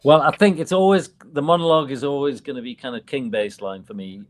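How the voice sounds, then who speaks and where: A man's voice: mid-range voice, fast talker. A man chatting casually as an interview guest, rambling and laughing between stories. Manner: laid-back, rambling with frequent laughs. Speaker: interview guest, music producer. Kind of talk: casual chat.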